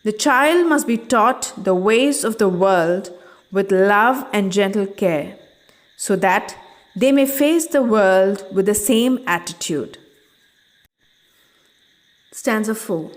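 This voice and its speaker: A woman teacher reading a poem aloud to children and explaining it stanza by stanza in a measured classroom manner. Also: medium pitch, animated.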